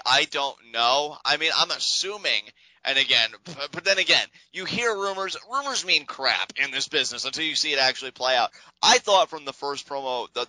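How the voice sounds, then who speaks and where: An animated, sarcastic man co-hosting a casual podcast, his voice very bright and forward. He sounds dry and close to the mic, with no room around him. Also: mid-range voice, no echo, low-quality recording. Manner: animated, sarcastic, laughs often. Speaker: podcast co-host. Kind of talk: casual wrestling podcast chat.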